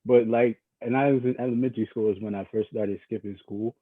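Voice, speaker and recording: Young man, podcast host, laid-back slang, husky, tinny phone-like audio. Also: mid-range voice, fairly even intonation, brisk. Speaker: podcast host asking the questions. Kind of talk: casual chat. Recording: dry, tinny phone-like sound.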